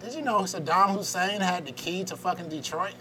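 A man's voice: high-pitched, a little fast, noisy background. A man hosting a podcast, talking animatedly, laughing often and swearing in casual chat. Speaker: podcast host.

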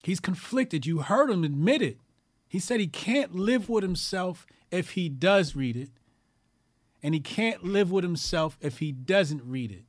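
A man's voice: sits high, animated, unhurried, no echo, clean studio sound. A man hosting a call-in commentary show, talking casually and profanely, repeating phrases for emphasis.

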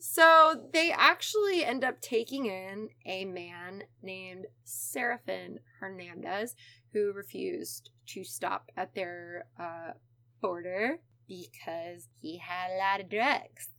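A woman's voice: mid-range voice, takes it slowly, sharp tone, no room sound. A woman hosting a casual chat, telling a true crime story in a profane, offhand way and acting out what people said. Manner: casual, profane, acts out quotes.

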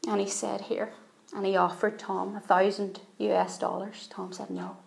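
A woman's voice: mid-range voice, level tone, moderate pace, creaky. Earnest woman preaching in an echoey room. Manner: earnest, repeats phrases for emphasis. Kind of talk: sermon storytelling.

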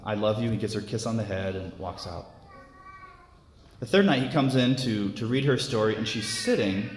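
A man preaching a sermon in an earnest, unhurried way, often repeating words as he goes. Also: lowish voice, noisy background. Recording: echoey hall with long reverb.

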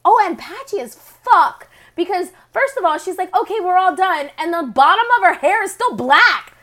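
A woman's voice: very high-pitched, animated, moderate pace, sharp tone. A woman in her thirties co-hosting a podcast, ranting emphatically with frequent swearing in casual chat. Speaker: podcast co-host. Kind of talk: casual chat recapping a TV episode.

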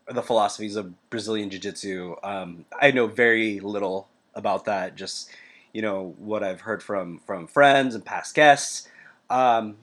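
A young man with a fairly low voice hosts a casual podcast intro. He sounds congested, and he rambles, doubling back with many fillers and restarts. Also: a bit bright. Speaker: podcast host.

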